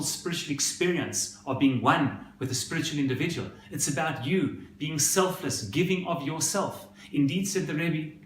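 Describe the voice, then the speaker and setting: With a voice of ordinary pitch, a rabbi dramatically and expressively narrates the story within his sermon. There's a faint hiss and a roomy echo on the recording.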